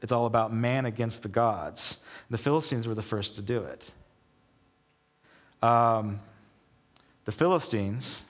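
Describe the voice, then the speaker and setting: A man preaching a casual sermon as pastor, telling the story in an animated way and acting out the people in it. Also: medium pitch. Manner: animated storytelling, acts out quoted voices. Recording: long hall reverb.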